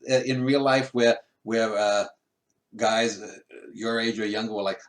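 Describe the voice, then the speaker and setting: A man's voice: mid-range voice, steady tone, normal speed. A man interviewing a guest over a video call, asking long rambling questions with many restarts. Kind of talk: casual remote interview.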